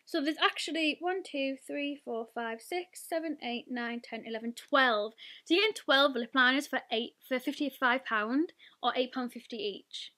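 British woman, twenties, high-pitched, excitable and chatty; casual beauty-vlogger delivery. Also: normal speed, hardly any pauses. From United Kingdom. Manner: gushing, chatty, lots of "like" and "oh my god". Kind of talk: excited unboxing and swatching.

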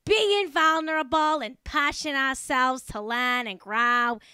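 A woman doing a mocking impression in a broad Boston accent, reading a statement flatly. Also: high-pitched, slow, dry recording, studio quality, full character voice. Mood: deadpan.

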